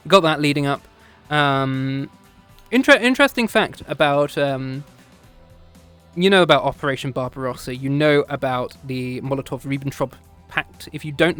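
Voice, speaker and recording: British man, slightly high voice; loose, digressive lecturer who laughs at himself; soft music underneath. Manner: rambling, digressive, laughs often, self-correcting. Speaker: streamer teaching history. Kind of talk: casual off-the-cuff history lecture. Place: home streaming setup, VR chat session.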